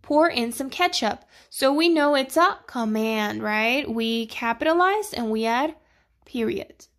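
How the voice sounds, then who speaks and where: A woman's voice: a little high, animated, fairly bright tone. A woman teacher, patiently walking children through a grammar lesson and checking in with them often. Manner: slow, patient, checking in with "okay?" and "right?".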